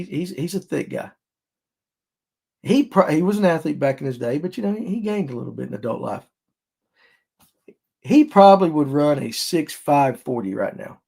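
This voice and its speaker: Male podcast host, lively yarn-spinner, voice a touch high. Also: creaky. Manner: animated storyteller who acts out other people's lines. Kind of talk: casual storytelling podcast.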